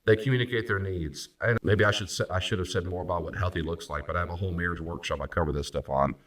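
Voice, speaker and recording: A man, a pastor and counselor, teaching on marriage and acting out spouses' lines in quick voices. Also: low voice, steady tone, fairly bright tone, distant mic. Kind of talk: recorded teaching talk on marriage.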